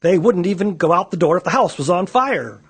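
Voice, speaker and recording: A man voicing a stubborn little farm girl who talks in bossy exclamations, with a husky voice. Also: high-pitched, animated, a little fast, voice pushed up. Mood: insistent.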